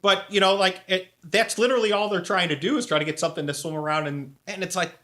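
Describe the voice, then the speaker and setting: A man's voice: sits high, steady tone, quick pace, sharp tone. A man co-hosting a podcast, making his points emphatically and checking in with "right?". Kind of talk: casual conversation.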